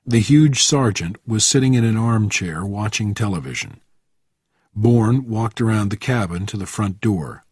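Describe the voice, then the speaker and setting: A man reading a story slowly and expressively for English learners. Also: fairly low pitch, lively intonation, a little mellow, husky, no room sound, clean studio sound. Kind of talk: scripted narration for English learners.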